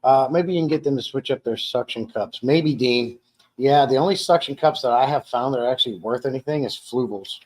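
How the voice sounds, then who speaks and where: A man's voice: medium pitch, fairly quick, darkish tone. A man hosting a casual live stream from his dining room at home, reading viewer comments aloud and rambling with frequent restarts and repeated words.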